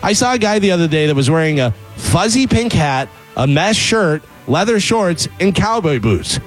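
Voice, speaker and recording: A man with a somewhat high voice reads a scripted open letter as a comic rant. His delivery is sarcastic and mocking. Faint music plays underneath the recording. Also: big pitch swings, normal speed. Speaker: comedy segment writer.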